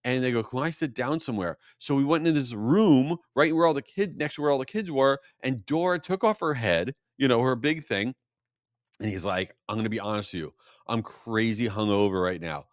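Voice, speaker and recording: A man hosting a podcast, telling a casual story and acting out the other people's voices with big jumps in pitch. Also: normal speed, no room sound, clean studio sound. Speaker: podcast host.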